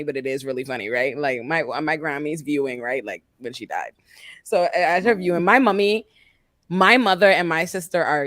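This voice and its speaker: Animated woman telling a funny story. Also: low voice, no room sound, studio quality. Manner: dramatic, laughing, acts out voices in stories. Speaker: podcast co-host. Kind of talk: casual chat and storytelling. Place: studio. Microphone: studio mic.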